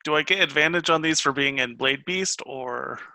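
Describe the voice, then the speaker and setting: A man's voice: fairly high pitch, normal speed, pushed and bright, slight background noise, poor audio. A man playing in an online tabletop game, asking about rules and describing his character's actions. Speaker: player. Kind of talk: tabletop game play over a call. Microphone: online voice call.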